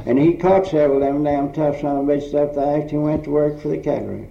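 An older man recalls old times in a casual oral history, rambling bluntly and cursing without restraint. His somewhat high, warm, creaky voice stays steady as he races along with hardly a pause, captured on a roomy, dull old tape.

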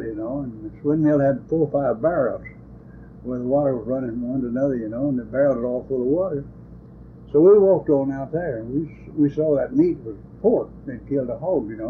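A man's voice: medium pitch, brisk. An older man, telling rambling, folksy stories from his days as a lawman in an oral history interview. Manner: rambling, folksy, ungrammatical country speech. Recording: tinny lo-fi tape with hiss.

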